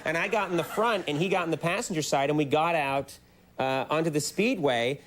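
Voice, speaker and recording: A man hosting a late-night talk show, telling stories in an animated, self-mocking way and laughing often. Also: on the high side, a little fast, noisy background.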